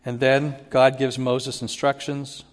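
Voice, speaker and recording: A man giving a sermon as a pastor, teaching in an animated way and acting out Bible quotes with rising emphasis. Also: medium pitch, slow. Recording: long hall reverb.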